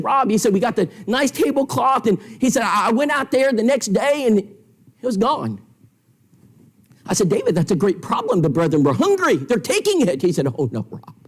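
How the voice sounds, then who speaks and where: A man teaching an evangelism seminar in a church, telling stories with quoted dialogue in an emphatic way. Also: sits high. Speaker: preacher.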